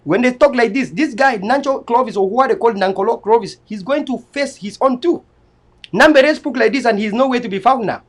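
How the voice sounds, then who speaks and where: A man's voice: very high-pitched, brisk. A man hosting political commentary, mocking and firing off rhetorical questions. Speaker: host.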